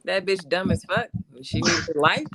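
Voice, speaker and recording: A woman's voice: on the low side, moderate pace. A woman co-hosting a casual podcast, blunt and profane, telling stories with animation. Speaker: podcast co-host. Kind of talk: casual group podcast chat. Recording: loud noise on remote call.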